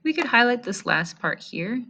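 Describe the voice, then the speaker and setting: A woman's voice: a little high, very animated, normal speed, pushed and bright, slight background noise. A woman teacher reading a history text aloud and stopping to comment, asking her listeners rhetorical questions in a friendly way. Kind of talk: read-aloud history lesson.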